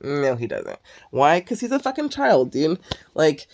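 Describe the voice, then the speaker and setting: A woman's voice: deep voice, wildly swooping pitch, unhurried, gravelly, a little mellow. A woman venting in a casual monologue, swearing constantly, sighing and filling her talk with "like". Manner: heavy swearing, exasperated ranting; sighs and filler "like" often. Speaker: vlogger.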